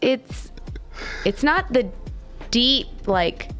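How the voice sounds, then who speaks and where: A woman's voice: fairly high pitch, sing-song, extremely slow, fairly bright tone, soft background music. A woman co-hosting a live stream show in casual chat, playful and teasing, laughing often.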